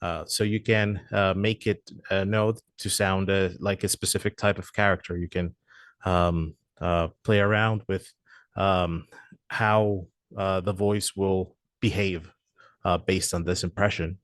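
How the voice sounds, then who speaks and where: A man explaining software features in a walkthrough, hesitant and full of "uh" fillers. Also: low voice, flat delivery, measured pace, no echo, studio quality. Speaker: product presenter.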